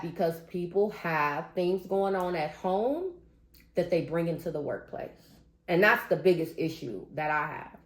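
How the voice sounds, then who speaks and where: A grown woman talking straight to her viewers, venting in emphatic casual commentary. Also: mid-range voice. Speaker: vlogger. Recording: roomy echo.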